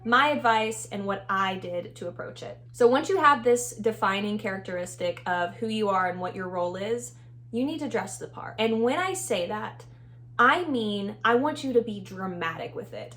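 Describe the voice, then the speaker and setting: Young Texan woman, bright higher voice, energetic casual vlogger who laughs easily. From Texas. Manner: upbeat, chatty, laughs often, emphatic. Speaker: vlogger, former reality show contestant. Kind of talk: casual advice vlog.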